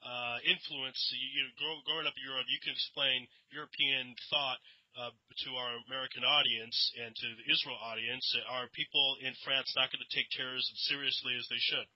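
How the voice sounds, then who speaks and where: A man's voice: mid-range voice, fairly even intonation, fairly quick, no echo. Male radio host, dry lo-fi sound. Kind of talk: radio interview.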